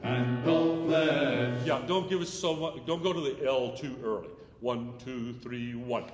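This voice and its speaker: A man's voice: mid-range voice, steady tone, normal speed, music in the background. A man directing a choir rehearsal, counting in, singing example phrases and cracking jokes. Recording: echoey hall with long reverb.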